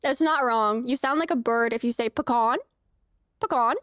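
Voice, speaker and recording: A woman's voice: on the high side, fairly quick, fairly bright tone, dry recording, clean studio sound. A young woman streaming a game, chatting casually with rambling asides and frequent laughter. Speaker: streamer playing a farming game. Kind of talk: casual let's-play chat.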